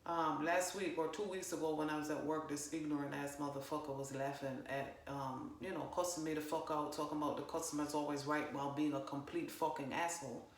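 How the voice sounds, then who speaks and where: A woman giving a casual spiritual monologue, swearing freely and talking with emphatic, animated energy. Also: low-pitched, a little fast, hardly any pauses. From parents from Jamaica. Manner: profane, animated, emphatic, fillers. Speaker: spiritual channeler vlogger. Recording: roomy echo.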